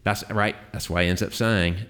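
A man's voice: on the low side, steady tone, moderate pace, a bit bright. A man teaching a Bible class to a group in a classroom, talking casually with filler words and restarts.

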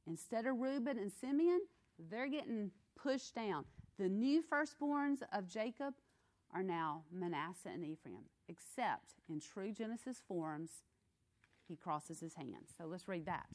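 A woman's voice: medium pitch, unhurried. A woman teaching a Bible study in a conversational, emphatic way, reading scripture aloud and explaining it. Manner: expressive, emphatic, acts out quotes.

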